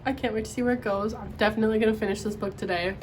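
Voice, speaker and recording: A woman's voice: medium pitch, a little hiss or hum. Gushing young woman book vlogger. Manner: gushing and excitable, quick to squeal. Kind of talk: casual vlog chat. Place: at home.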